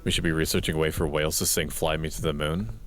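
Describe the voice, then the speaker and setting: A male streamer giving casual gameplay commentary at home at night, keeping his voice quiet and in a deliberate monotone. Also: extremely low pitch, a little hiss or hum.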